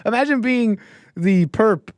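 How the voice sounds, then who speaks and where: A man's voice: high voice, expressive, measured pace, smooth, dry recording. A man hosting a casual commentary livestream, sarcastic and often laughing. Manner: sarcastic, keeps breaking into laughter. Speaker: livestream host.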